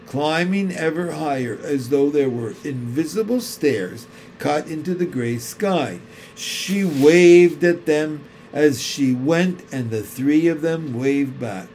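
A man reads a children's storybook aloud, slow and measured. His voice sits a little higher than most men's. A faint hiss lies under the reading. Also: a little mellow. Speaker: narrator.

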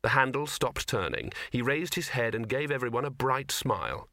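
Male audiobook reader, bright crisp voice, super dry studio sound, wry storytelling. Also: medium pitch, expressive, moderate pace, no echo. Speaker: audiobook narrator. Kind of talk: scripted narration.

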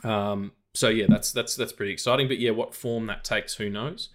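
A man's voice: fairly low pitch, fairly even intonation, moderate pace. A man, co-hosting a casual film podcast, rambling with lots of fillers and restarts. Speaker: podcast co-host.

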